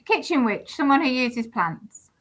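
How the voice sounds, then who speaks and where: A woman guest on a radio chat show, a forager and herbalist, answering calmly in short phrases. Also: sits high, measured pace. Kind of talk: casual radio interview.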